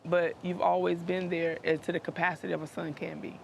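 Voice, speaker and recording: A woman's voice: fairly low pitch, little pitch movement, fairly quick, vocal fry, slight background noise. A middle-aged woman speaking earnestly and emotionally to her adult son, repeating phrases the way a preacher does. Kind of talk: heartfelt conversation.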